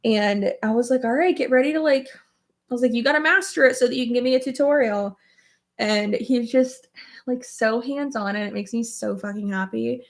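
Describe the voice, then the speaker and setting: Her pitch fairly high and her pace normal, a young beauty vlogger does her makeup at home and chats casually for a get-ready-with-me video. Fillers and offhand swearing run through her speech, and she comes across as open and emotional, quick to laugh and occasionally near tears.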